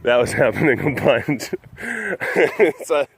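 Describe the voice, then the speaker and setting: A man's voice: on the high side, very animated, takes it slowly. Rambling, laughing male vlogger. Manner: rambling, self-interrupting, laughs easily. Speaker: vlog host. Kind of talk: casual chat to camera.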